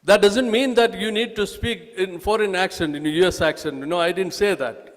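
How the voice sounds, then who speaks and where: A man with an Indian accent speaks to an audience in a halting, emphatic manner, often restarting his phrases. His voice sits a little high for a man. It rings with the long reverb of a large hall. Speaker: speaker presenting a nursing course. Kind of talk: public talk at an event. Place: event hall.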